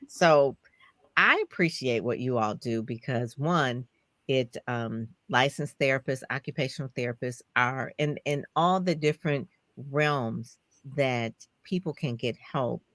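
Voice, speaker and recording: A woman hosting a casual interview, telling stories animatedly with sudden high jumps in pitch. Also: a little slow, a bit bright, dry recording. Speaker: host.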